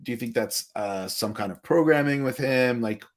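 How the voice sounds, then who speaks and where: A man hosting a podcast in casual conversation, talking in an animated way with many restarts. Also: mid-range voice, moderate pace. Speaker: podcast host. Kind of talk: casual chat.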